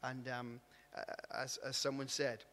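A man's voice: medium pitch, little pitch movement, unhurried, pushed and bright, big-room sound. A man preaching a sermon in a conversational way, restarting words and asking "isn't it?". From Wales. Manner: conversational, repeats and restarts words, asks tag questions. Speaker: pastor. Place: church hall.

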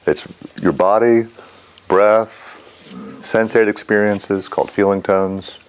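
A man's voice: fairly low pitch, slow. A middle-aged man teaching a mindfulness class in a casual, rambling way, often quizzing his students. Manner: rambling, animated, asks the class questions.

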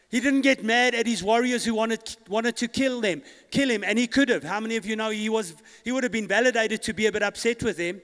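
A pastor preaching a sermon, calling the congregation to respond and building to loud declarations. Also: male voice, high-pitched, brisk, few pauses. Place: church hall. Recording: long church hall reverb.

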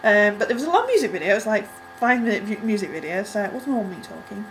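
A young woman casually reacting to a music video, rambling with lots of ums and likes and breaking into excited squeals. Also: medium pitch, fast talker, a little hiss or hum, low-quality recording.

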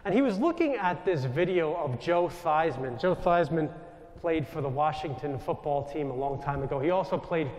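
Man with a New York accent, Jesuit priest, thirties, lively anecdotal talk to an audience, slightly high voice, long hall reverb. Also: moderate pace, muffled recording. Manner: animated anecdotal storytelling, asides to the audience. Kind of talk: storytelling talk to a live audience.

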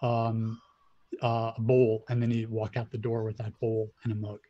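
A man narrating as game master of a tabletop game, with hesitant pauses and many fillers. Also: lowish voice, completely flat delivery, muffled recording. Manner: hesitant, many ums and likes.

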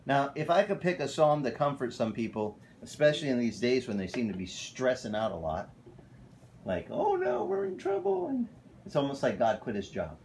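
A male pastor preaching a casual, animated sermon at a church fellowship. He often tells stories and corrects himself mid-sentence. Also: mid-range voice, a little fast, hardly any pauses, slight background noise. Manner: animated, storytelling, self-correcting.

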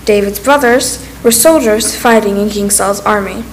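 A woman reading a children's Bible story aloud in church, clear and steady. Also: mid-range voice, normal speed, slight background noise, rough recording.

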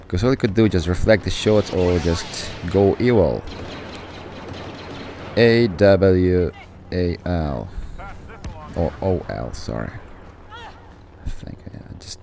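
A man with a very low, deep voice talks through his gameplay as it happens. He gets excitable, rambles into asides, and swears before apologizing for it, all over a faint hiss. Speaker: gameplay commentator. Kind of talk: live gaming commentary.

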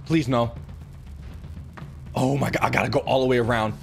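A man's voice: mid-range voice, steady tone, moderate pace, vocal fry, faint music behind. A young man streaming a horror game, panicking, yelping and muttering to himself. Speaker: gaming streamer. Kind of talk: live horror game commentary.

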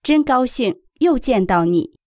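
A woman reading short prompts for a language lesson in a brief, even, neutral manner. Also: fairly high pitch, unhurried, no echo, clean studio sound. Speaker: prompt reader for translation drills.

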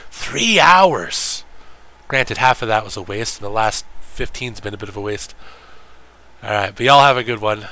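A man's voice: fairly low pitch, animated, normal speed, bright, forceful tone. A man streaming games and chatting casually with his viewers, cursing freely, joking and rambling. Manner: profane, joking, rambling, mimics friends in quotes. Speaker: game streamer.

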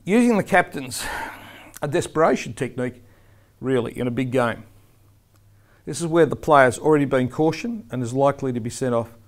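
A man giving an instructional lecture to referees, speaking emphatically and demonstrating the firm and soft tones a referee should use. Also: mid-range voice, animated, normal speed, long pauses.

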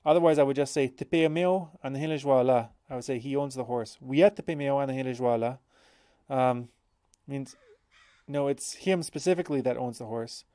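A man's voice: mid-range voice, brisk, warm tone, no room sound, clean studio sound. Man patiently teaching a language lesson. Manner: thinks aloud, self-correcting, explains patiently.

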